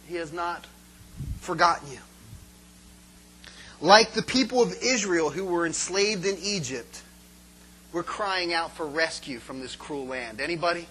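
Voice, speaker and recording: A man's voice: sits high, poor audio. A man preaching a sermon with energy, calling out questions for the congregation to answer. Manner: energetic, call-and-response with congregation.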